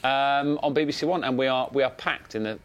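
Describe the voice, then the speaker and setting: A man talks fast in casual studio chat, his voice mid-pitched and his rhythm full of ums and quick restarts. He previews a football show with easy enthusiasm. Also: clear, resonant tone. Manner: quick, chatty, hesitant with ums. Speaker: sports programme presenter previewing his show.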